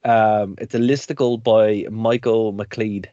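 A man's voice: fairly low pitch, level tone, slow, dark tone, dry recording, highs cut off. A man hosting a radio and podcast show, chatting casually, rambling and laughing often. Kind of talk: casual chat.

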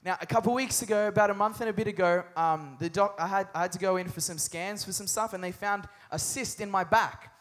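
A man's voice: high voice, fairly quick, few pauses, a bit bright. A young adult man preaching a sermon with energy and humor, often calling for responses from the congregation. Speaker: pastor.

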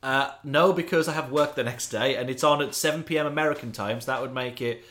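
A man's voice: mid-range voice, quick pace. Sweary, laughing male podcast co-host. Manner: swearing, animated, laughs often. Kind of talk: casual chat.

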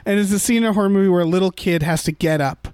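High-voiced man chatting about a movie. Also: racing, a little mellow, clean tone, dry recording. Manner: rambling, many fillers and restarts. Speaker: podcast co-host. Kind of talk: casual movie-review chat.

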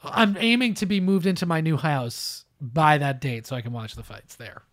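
Podcast host, male, brash and profane, higher-pitched, dry close sound. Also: moderate pace, no room sound. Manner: loud, swearing, joking, often jumps up in pitch. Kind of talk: casual chat.

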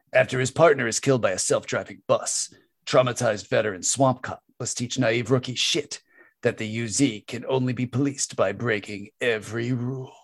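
Gravelly trailer narrator, done by a male host, dramatic and steady. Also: medium pitch, natural voice.

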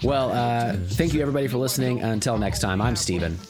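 A man's voice: mid-range voice, quick pace, music in the background. A man co-hosting a podcast, chatting casually in an easygoing, rambling way and laughing along. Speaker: podcast co-host. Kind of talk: casual comedic chat.

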